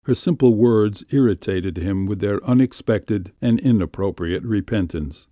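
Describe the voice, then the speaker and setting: A man calmly narrating a classic story in a measured, unhurried way. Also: on the low side, no echo, clean studio sound. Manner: calm, measured, unhurried reading.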